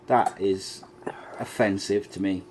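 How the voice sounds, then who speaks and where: A man's voice: sits low, steady tone, slow, noisy background. Teasing male podcast host. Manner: teasing, reads out listener comments. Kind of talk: casual chat.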